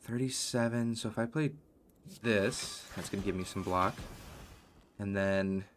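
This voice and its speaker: A man talks through his turns in a card game, calling out each card in a low voice with nervous asides. He speaks slowly, and a faint background hum sits under the recording. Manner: muttering card names as he plays, worried asides. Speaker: gaming video host. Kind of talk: gameplay commentary.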